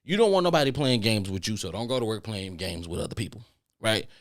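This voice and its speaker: A man hosting a solo podcast, ranting in an animated way, repeating his points for emphasis and swearing freely. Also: quick pace. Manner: animated ranting with mocking falsetto impressions. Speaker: podcast host.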